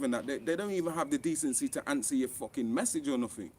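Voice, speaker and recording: A man's voice: medium pitch, fast talker, few pauses, a little hiss or hum. A man, an author and online commentator, delivers an impassioned rant to camera that is blunt, profane and heated, often jumping up in emphasis.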